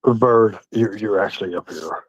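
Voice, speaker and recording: A man hosting a casual livestream, talking to his chat and a guest. He taunts and mocks in a profane voice, dropping to low mutters and then jumping into high, excited outbursts. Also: unhurried, gravelly, husky, no room sound, dull audio. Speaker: livestream host. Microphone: streaming setup.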